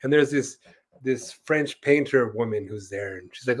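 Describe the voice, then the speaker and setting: A man with a voice of ordinary pitch tells a long story as co-host of an interview show. He talks in a loose, rambling way, full of fillers, and acts out the voices of the people he quotes. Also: moderate pace. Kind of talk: casual storytelling in conversation.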